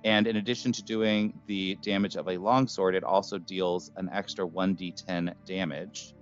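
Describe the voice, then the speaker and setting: A man's voice: low-pitched, little pitch movement, moderate pace, soft background music. Casual guy running a d&d game, chill delivery, muffled sound. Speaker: dungeon master.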